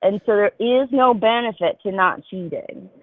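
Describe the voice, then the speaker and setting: A woman's voice: medium pitch, normal speed, dry recording. Woman caller, chatty and candid, thin call-line sound. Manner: candid, rambling, laughs easily. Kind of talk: casual chat. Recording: tinny phone-like call line.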